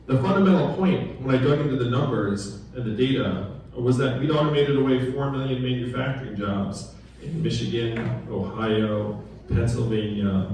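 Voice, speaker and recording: A man's voice: mid-range voice, darkish tone, a little hiss or hum. Male political candidate, conversational stump speech, quizzes the audience, distant mic in a very reverberant hall. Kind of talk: town hall campaign speech. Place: large echoey room at a political gathering. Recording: very echoey room recorded from afar.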